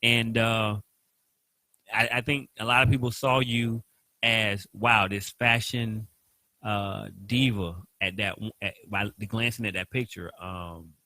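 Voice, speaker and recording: A man's voice: lowish voice, steady tone, unhurried, pushed and bright, no room sound. A young adult man with a Southern US accent, co-hosting a casual chat, playful and teasing, often acting out other people. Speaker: co-host.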